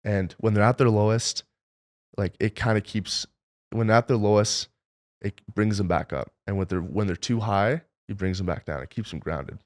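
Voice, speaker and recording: A man's voice: lowish voice, moderate pace, a little mellow. A young man, a film director being interviewed, telling stories in a casual, rambling way full of fillers.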